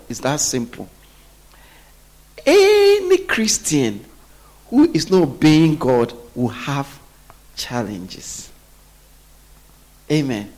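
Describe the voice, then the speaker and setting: Male preacher, slightly high voice, call-and-response sermon style. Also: a little mellow. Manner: asks the congregation to finish his sentences.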